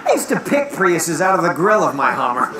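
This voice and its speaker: Male comic on stage, lively up-and-down delivery, echoey room, roaring crowd. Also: fairly high pitch, fairly quick. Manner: animated storytelling with punchlines. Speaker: stand-up comedian. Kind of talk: stand-up comedy routine. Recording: roomy noisy stage recording. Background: loud audience.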